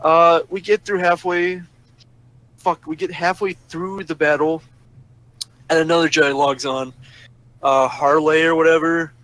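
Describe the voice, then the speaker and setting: Man, fairly high voice, casual rant, sarcastic and profane. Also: steady tone, a little slow, pauses often, a bit bright, poor audio. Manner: profane, sarcastic ranting that flares up angry. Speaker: storyteller ranting about a roleplay server. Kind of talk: casual ranting monologue.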